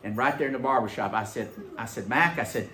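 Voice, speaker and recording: Male pastor, animated folksy storyteller, mid-pitched, reverberant church sound. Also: fast. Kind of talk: sermon. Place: church sanctuary.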